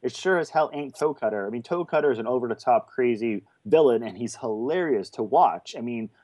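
A man co-hosting a podcast, arguing his view on a film in a casual, animated way. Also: medium pitch, a little fast. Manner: animated, opinionated. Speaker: podcast co-host.

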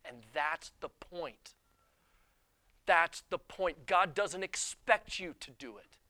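A male pastor giving a sermon, animated and self-deprecating, telling personal stories and acting out quotes. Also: a little high, slow.

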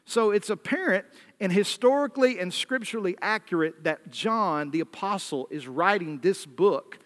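A pastor from the American South with a Southern American accent, giving an evening sermon in a conversational preaching style and reading scripture aloud. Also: male voice, sits high, normal speed, a bit bright, long reverb tail.

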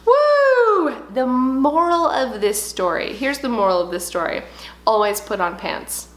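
A woman in her thirties, a home decor vlogger telling a story in casual, animated chat. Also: mid-range voice, moderate pace. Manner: chatty, animated storytelling with laughs. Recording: echoey room.

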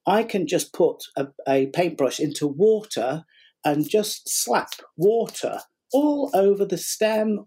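Husky, mellow-voiced man telling a story. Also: high voice. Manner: animated, acts out quotes, many restarts. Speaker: guest, sugar flower artist. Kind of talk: casual interview storytelling.

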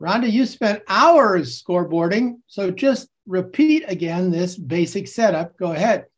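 A man coaching teachers over a video call, slowly explaining a classroom game and acting out its calls with bursts of energy. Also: sits high, expressive, breathy edge. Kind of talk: enthusiastic classroom-technique demonstration.

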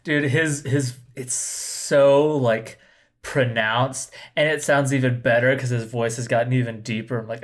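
A man's voice: medium pitch, steady tone, unhurried. A man co-hosting a podcast, chatting casually and eagerly. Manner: eager, enthusiastic. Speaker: podcast co-host. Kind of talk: casual review chat.

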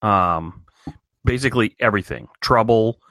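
A man's voice: fairly low pitch, normal speed, pushed and bright, no room sound. A man co-hosting a casual podcast chat, joking in a dry, sarcastic way. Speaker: podcast co-host. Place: home in Maine.

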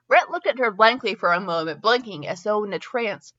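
A woman hosts a reading show and narrates a story aloud in a bright, clear voice. She restarts words when she trips over them and breaks off into comic asides. The sound is a little dull and lo-fi. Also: mid-range voice, expressive, brisk. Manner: stumbles and restarts on words, laughs at herself. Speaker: podcast host reading fanfiction aloud.

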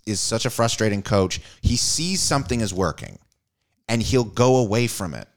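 Animated man joking about football. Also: fairly low pitch, moderate pace. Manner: animated, joking, swears freely. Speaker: podcast co-host. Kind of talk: casual sports chat.

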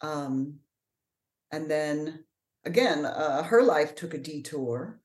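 A middle-aged woman from New Orleans with a Mid-Atlantic accent and proper, measured diction, answering interview questions with pauses and fillers. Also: deep voice, darkish tone, roomy sound. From New Orleans, USA. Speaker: actor and author, podcast guest.

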